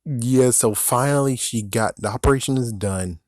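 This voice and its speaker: A man's voice: medium pitch, moderate pace, darkish tone, no room sound, studio quality. A man giving a casual movie review as an exasperated, profane rant, often laughing at his own jokes.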